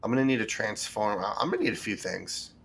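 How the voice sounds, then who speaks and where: A man streaming a building game, thinking aloud in relaxed commentary as he sorts items and plans what to build. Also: lowish voice, fast talker, vocal fry, husky. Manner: thinks aloud, with fillers and restarts. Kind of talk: casual gameplay commentary.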